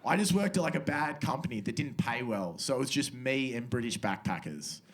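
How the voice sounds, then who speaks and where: A man's voice: mid-range voice, expressive, brisk. A young Australian man in his twenties doing a stand-up comedy set on a club stage, casual and slangy, with muttered asides into a handheld mic.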